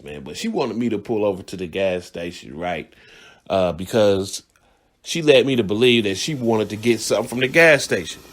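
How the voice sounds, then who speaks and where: A man hosting a radio show, telling a story in a casual, blunt, profane monologue and laughing along the way. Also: medium pitch.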